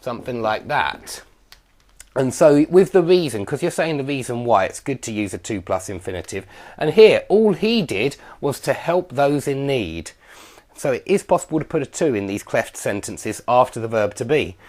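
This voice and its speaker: A man teaching an English grammar lesson, explaining patiently with fillers and self-corrections, saying example sentences slowly and clearly. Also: medium pitch, expressive, darkish tone.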